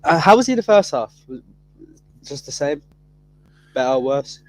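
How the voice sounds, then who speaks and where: A man's voice: a little high, animated, normal speed, low-quality recording. A man chatting animatedly on a video-call fan panel, loose and casual with slang. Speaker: panel guest.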